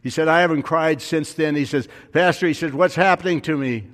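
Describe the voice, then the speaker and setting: A man's voice: fairly high pitch, a little fast, a bit bright, in a large hall. A male pastor telling a story in a sermon, his voice rising and falling with emphasis.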